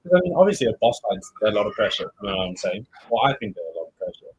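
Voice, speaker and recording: A man in a casual chat, talking in an animated, excitable way. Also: fairly low pitch, racing, husky, no room sound, highs cut off.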